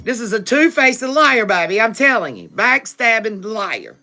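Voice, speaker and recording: A woman reads tarot live for her viewers through a livestream setup, her voice on the high side with lively intonation, a sharp tone and normal speed. She chats familiarly, calling them "baby" and "boo", ending lines with "okay?" and laughing often.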